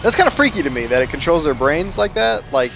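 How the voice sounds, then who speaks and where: A man's voice: a little high, very animated, fast talker, vocal fry, fairly bright tone, slight background noise. A man giving casual gameplay commentary in a rambling, easygoing, self-mocking way. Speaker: let's play commentator.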